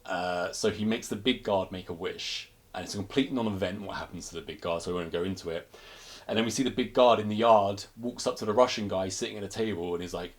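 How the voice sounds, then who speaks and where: A man's voice: low-pitched, quick pace. A man co-hosting a casual film review chat, recapping plots and acting out the characters. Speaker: podcast co-host.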